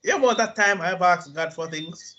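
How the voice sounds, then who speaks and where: A man's voice: high-pitched, moderate pace. A man, co-hosting a casual chat, telling profane stories with lots of laughter. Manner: animated, laughing, profane storytelling. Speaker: podcast co-host. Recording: dull lo-fi audio with faint noise.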